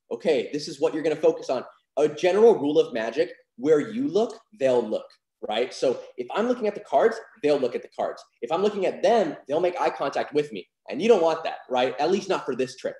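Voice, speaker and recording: In an echoey room, a young man with a mid-range, darkish voice teaches card magic. He's a magic instructor giving a casual online lesson, sounding upbeat and confident and using plenty of fillers.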